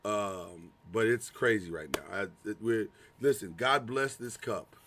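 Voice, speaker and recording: This is a man co-hosting a sports talk podcast, chatting casually. His voice is bright and ringing. He gets animated, doubles back on words and laughs along. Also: fairly low pitch, measured pace, slight background noise. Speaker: podcast co-host.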